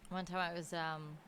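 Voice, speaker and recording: A woman's voice: lowish voice, a little hiss or hum. A woman chatting aloud as she streams a video game. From Australia. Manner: chatty, thinks aloud while playing. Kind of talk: casual gameplay commentary. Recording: game music loud behind voice. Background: game music.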